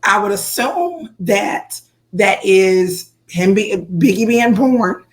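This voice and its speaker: This is a woman co-hosting a casual podcast chat. Her pitch sits in the middle of the range, and she tells long family stories with restarts and filler words. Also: slow. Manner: animated storyteller, frequent fillers and restarts. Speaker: podcast co-host.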